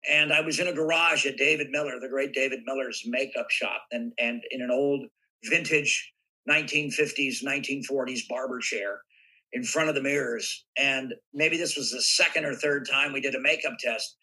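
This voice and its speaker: An older man from Southern California, a guest actor telling animated stories in a podcast interview and acting out voices now and then. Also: medium pitch, moderate pace, husky, rough recording. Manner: animated anecdotes with acted-out voices.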